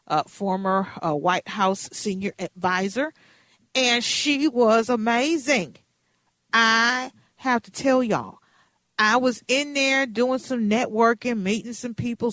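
Woman in her fifties, radio host, animated chatty storyteller, dry close sound. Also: mid-range voice, dry recording. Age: 50s.

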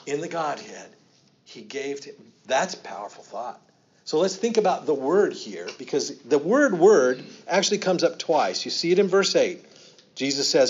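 A middle-aged man preaches a teaching sermon in a conversational tone. He repeats phrases and tosses questions to the room. His voice has a mid pitch, and the recording sounds slightly muffled. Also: animated, normal speed. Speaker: pastor.

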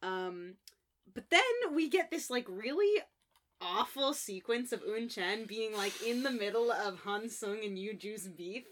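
A woman co-hosting a podcast, recapping an episode in casual chat, animated and laughing often with lots of fillers. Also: medium pitch, a little slow, a little hiss or hum. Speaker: podcast co-host.

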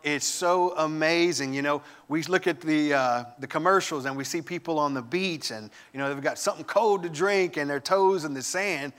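A man giving a sermon, telling lively family stories with humor and enthusiasm. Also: a little high, moderate pace, few pauses, smooth. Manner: animated storytelling with humor. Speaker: guest preacher.

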